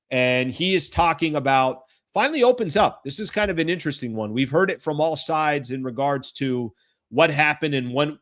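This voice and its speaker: A man hosting a basketball talk show in a casual commentary style, chatty and thinking aloud as he goes, stopping to correct himself mid-sentence. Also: on the high side. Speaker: sports talk show host.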